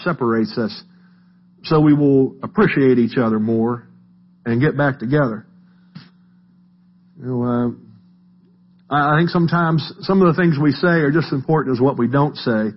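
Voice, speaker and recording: A middle-aged man, giving an informal church sermon in a folksy, halting way with many restarts and asides. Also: fairly high pitch, slightly rough. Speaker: lay preacher. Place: church sanctuary. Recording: muffled, lo-fi church recording.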